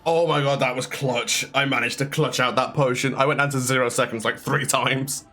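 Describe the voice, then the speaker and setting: A man's voice: medium pitch, fairly even intonation, a little fast, sharp tone, soft background music. Laid-back man chatting during a speedrun. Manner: laid-back, laughing, thinking aloud mid-play. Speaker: speedrunner playing live. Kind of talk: casual chat while gaming.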